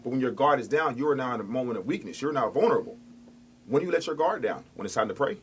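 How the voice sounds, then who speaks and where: A man's voice: medium pitch, animated, fast, a bit bright. A male guest in casual chat, making his point with rhetorical questions in a persuasive way.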